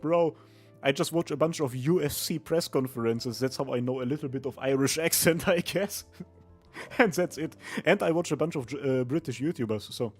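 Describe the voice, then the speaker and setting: A man's voice: mid-range voice, normal speed, husky, soft background music. A young man streaming a video game, giving crude, joking commentary and laughing often. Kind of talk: casual game livestream commentary.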